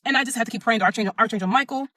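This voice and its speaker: A woman's voice: a little high, rapid-fire, pushed and bright, no room sound. A young adult woman telling her own story in a blunt, emphatic, profane way. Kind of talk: casual first-person storytelling.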